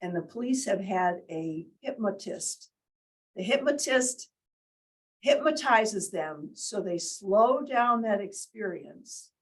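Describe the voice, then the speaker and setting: A woman's voice: on the low side, breathy edge, poor audio. A woman leading a workshop in an indoor meeting room, teaching and quizzing the group, demonstrating different tones of voice. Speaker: workshop leader. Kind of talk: interactive teaching talk.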